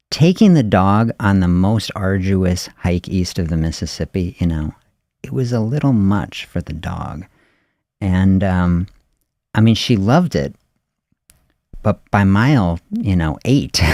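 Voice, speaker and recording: Middle-aged man, low voice, easygoing rambling vlog host, dry close sound. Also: creaky, no room sound. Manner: relaxed, rambling, reflective with frequent fillers and soft laughs. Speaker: fasting vlogger. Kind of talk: casual talking-head vlog.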